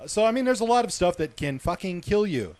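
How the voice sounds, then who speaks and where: A man's voice: sits high, big pitch swings, fairly quick, darkish tone, no room sound. Chatty, swearing storyteller man. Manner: chatty, laughing, swears freely. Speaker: radio show co-host telling stories. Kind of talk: casual storytelling banter.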